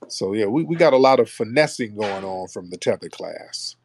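A man's voice: fairly low pitch, animated, moderate pace, darkish tone, no room sound. A man hosting a call-in talk show, blunt and mocking in manner. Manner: blunt, mocking, puts on voices to mimic callers. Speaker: host.

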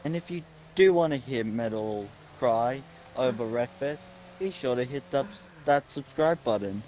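A man's voice: mid-range voice, expressive, measured pace, a little mellow, poor audio. A man chatting casually as a co-player during a racing game, dry and teasing. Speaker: co-player in party chat. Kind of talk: casual gaming chat.

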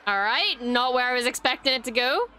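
A woman hosting a reaction video, excitably commenting, gushing and swearing freely. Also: high voice, fairly quick, clear, resonant tone.

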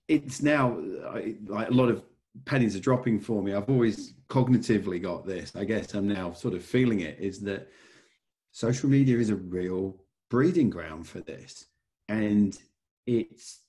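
A man's voice: lowish voice, darkish tone. A man interviewing a guest, thinking aloud in a hesitant, rambling way with many fillers. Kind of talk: casual interview conversation.

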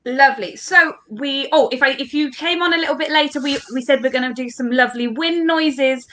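Bright, high-voiced cheerful woman leading kids. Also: a little fast. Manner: upbeat, encouraging, addresses children directly. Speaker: children's workshop leader. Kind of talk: interactive storytelling for children. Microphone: online livestream.

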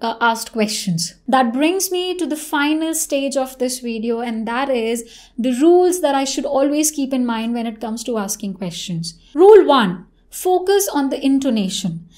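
A woman's voice: high voice, lively intonation, moderate pace, a little mellow. A woman teaching an English lesson, explaining step by step, checking in with "right?" and showing rising and falling intonation.

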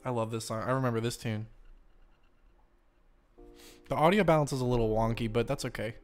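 A man's voice: mid-range voice, a little fast, soft background music. Laid-back young man streaming a game. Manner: laid-back, says "dude". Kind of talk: casual let's play commentary.

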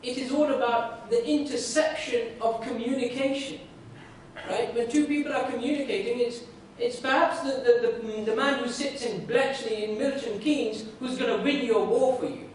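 A man's voice: very high voice, fairly even intonation, normal speed. A man giving a conversational sermon, telling a story and often checking in with "right?", recorded from a distance in a university room. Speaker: religious speaker. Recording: echoey room from far off, faint noise.

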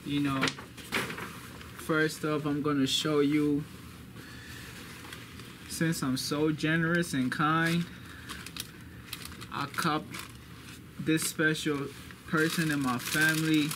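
A young man hosting a casual vlog, boastful and repeating phrases for hype, talking to a camera mic indoors at home. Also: fairly high pitch. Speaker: vlogger. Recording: noisy background.

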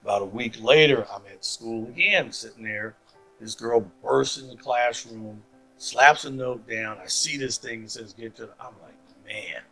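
A man tells a personal faith story with a bright, forward voice. He gives the quoted people voices as he goes, jumping his pitch up and down. There is faint music behind him. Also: moderate pace, rough recording. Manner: animated storyteller acting out quoted dialogue. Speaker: testimony speaker.

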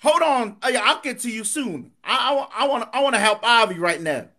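A man's voice: very high voice, lively intonation, fairly quick, sharp tone. A young man on a livestream panel, insistent and talking over others, tacking "man" onto his lines over a video call. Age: young adult.

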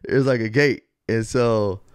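A man's voice: mid-range voice, unhurried, clear, resonant tone, no echo, studio quality. A young man co-hosting a podcast, rambling through a story with restarts and slang. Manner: rambling, restarts, lots of "like" and "bro". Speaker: podcast co-host. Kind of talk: casual chat.

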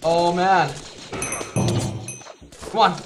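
A man giving live gameplay commentary, excitable, repeating words in bursts and yelping when he gets hit. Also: high voice, very slow, over music. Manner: yelps and laughs when hit. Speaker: gaming YouTuber.

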